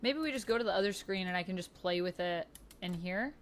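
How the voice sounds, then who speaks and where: A woman's voice: mid-range voice, expressive, a little fast, slight background noise. A woman streamer chatting casually during a live stream, thinking aloud while she fixes her setup. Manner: chatty, laughs often, thinks aloud while fixing tech.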